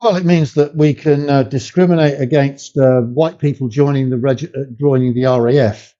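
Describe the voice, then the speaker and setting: A man's voice: fairly even intonation, moderate pace, warm tone. An older man talking as a podcast guest, emphatic, his voice climbing when he makes a point. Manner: emphatic, rising in pitch when making a point. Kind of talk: conversational interview. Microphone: video call. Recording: muffled lo-fi remote call audio.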